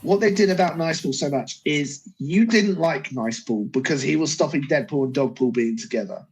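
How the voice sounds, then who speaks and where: A podcast co-host recapping a movie in casual chat, steady with small self-corrections. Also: medium pitch, normal speed, breathy edge, low-quality recording.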